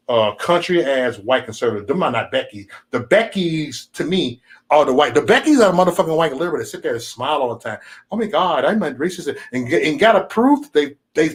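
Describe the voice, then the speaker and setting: A man hosting a casual livestream chat, talking in a profane, animated way and slipping into mocking impressions. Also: on the high side. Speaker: channel host.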